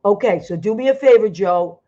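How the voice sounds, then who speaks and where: A woman's voice: medium pitch, fairly quick, dark tone. Effusive woman hosting over a video call. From Italian-American. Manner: emotional, effusive, talks with many restarts. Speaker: host. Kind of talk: casual chat on a video call show. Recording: dull lo-fi video call audio.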